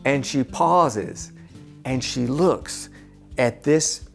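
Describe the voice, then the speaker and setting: A man with a gravelly, creaky voice tells a personal story slowly and earnestly. He pauses often and repeats himself as he works toward his point. Faint music plays behind him. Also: medium pitch. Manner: slow, deliberate and earnest, with many pauses and repeats. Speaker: storyteller and channel host. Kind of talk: personal story told to camera.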